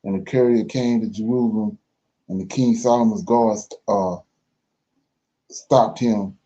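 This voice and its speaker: A man reading scripture aloud for a Bible study, slow and careful, pausing and correcting himself as he goes. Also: fairly low pitch, steady tone, dark tone, muffled recording.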